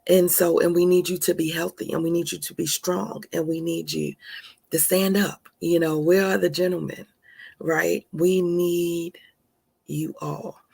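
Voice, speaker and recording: A woman with a husky, breathy voice and a gravelly edge hosts a motivational live stream. She sounds playful and encouraging and stretches her key words for emphasis. The sound is from a phone mic. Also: lowish voice, level tone, unhurried, darkish tone, dry recording.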